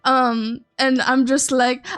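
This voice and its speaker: Rambling woman streamer, slightly high voice. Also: flat delivery, slow pace, fairly bright tone, smooth. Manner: rambling, full of "um"s and restarts, laughing often. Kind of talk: casual storytelling chat.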